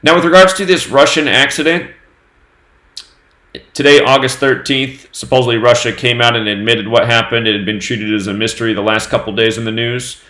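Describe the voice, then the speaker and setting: Male host, mid-pitched voice, solo news commentary, reels off dates and number sums, roomy echo. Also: brisk. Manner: steady running reading of dates and number sums. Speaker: host of a numerology news channel.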